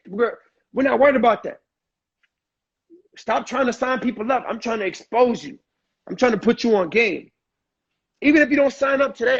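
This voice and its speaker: Man, twenties, high voice, motivational sales coach, emphatic, repetitive, keeps saying bro. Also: slightly rough, highs cut off. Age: 20s. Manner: acts out a breathless pitch to a friend. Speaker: sales trainer.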